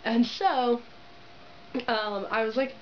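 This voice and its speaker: A young woman vlogger with a slightly high voice tells an excited, casual story to her camera, taking her time. She's giddy and giggly, gushing and packing in "like" fillers, on dull lo-fi camera audio with a little hiss or hum.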